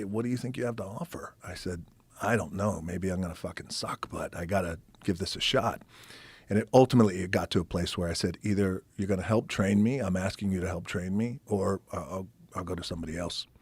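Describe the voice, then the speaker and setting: As a podcast guest, a man with a low, husky voice tells a personal story casually. He's animated, swears freely, acts out the people he quotes and sometimes drops to a whisper; there's no echo.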